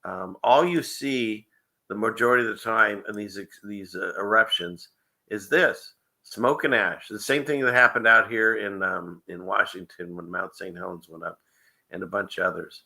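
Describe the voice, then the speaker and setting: A man's voice: lowish voice, moderate pace, gravelly, bright, forceful tone. A man hosting a casual livestream show, rambling and chuckling often between loose asides. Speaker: show host.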